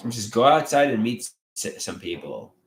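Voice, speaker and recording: A man livestreaming on his own, reading viewer comments aloud and talking in a halting, rambling way with many restarts. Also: on the low side, big pitch swings, echoey room, slight background noise. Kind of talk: casual livestream chat.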